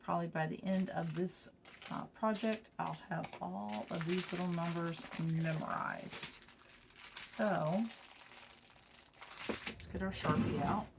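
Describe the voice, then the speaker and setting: A woman chats through a home craft tutorial in a low-pitched, easygoing voice. She sounds a little tired and talks folksily to her viewers. Crinkling plastic and small clicks are clearly heard behind her. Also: steady tone, takes it slowly, long pauses, noisy background. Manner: chatty, folksy, addresses viewers as y'all. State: tired, yawning. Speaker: craft vlogger. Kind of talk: casual craft tutorial chat.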